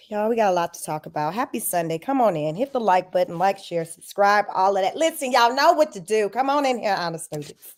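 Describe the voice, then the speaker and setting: A woman hosting a casual livestream. She talks directly to her viewers in an animated, chatty way. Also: medium pitch, moderate pace. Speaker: commentary vlogger.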